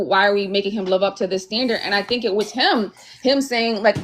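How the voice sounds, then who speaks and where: A woman on a live-stream panel who argues her view earnestly, hedging with "like" and "um". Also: on the high side. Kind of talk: casual panel discussion.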